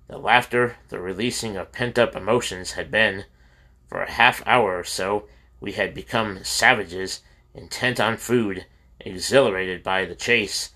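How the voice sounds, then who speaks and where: Low-voiced man reading a memoir aloud. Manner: steady, plain storytelling with small slips. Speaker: reader of a memoir.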